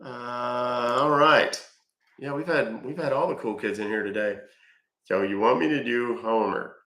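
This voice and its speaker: On his scambaiting live stream, a middle-aged host talks casually and folksily with viewers in a congested voice. He speaks unhurriedly in a mid-range voice with a sharp tone, and the audio carries a roomy echo.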